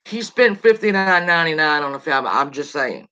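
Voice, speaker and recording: A woman's voice: sits low, lively intonation, normal speed, bright, forceful tone. A woman hosting a casual gossip livestream, rambling and greeting viewers as she tells the story. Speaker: show host. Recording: lo-fi dull sound.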